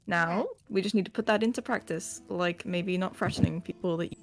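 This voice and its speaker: A woman's voice: fairly low pitch, fairly even intonation, a little fast, faint music behind. A woman playing a tabletop game and chatting in a playful, encouraging way. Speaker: player. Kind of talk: casual tabletop chat.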